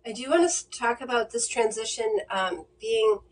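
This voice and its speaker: A woman giving a mediumship reading on a livestream, speaking gently and reassuringly, with many fillers and restarts. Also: a little high, moderate pace. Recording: distant mic with faint noise.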